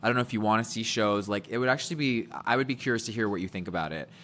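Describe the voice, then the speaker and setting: Man, grew up in England, podcast guest, bright, eager, rambling. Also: on the low side, very fast. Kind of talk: casual chat.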